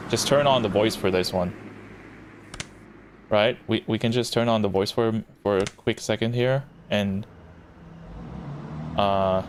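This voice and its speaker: A man casually commentating as he plays a game, rambling and interrupting himself with short chuckles. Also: lowish voice. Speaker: gameplay commentator. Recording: audible background noise.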